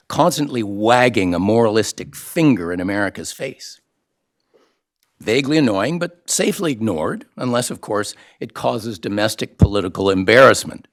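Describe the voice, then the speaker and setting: A man from Canada, older, heading a think tank and giving a formal launch speech to an audience, with dry wit and frequent "uh" fillers. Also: mid-range voice. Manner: dry wit, many uh fillers, quoted lines acted out. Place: event room with an audience.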